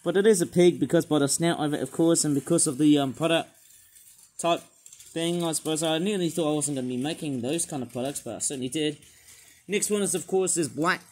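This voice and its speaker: Guy rambling through a toy unboxing, kinda high voice, bit croaky and sore, lots of um and eh. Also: fairly quick. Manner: rambling, excitable, full of asides and fillers. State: slightly croaky sore throat. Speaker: toy reviewer. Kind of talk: casual unboxing review.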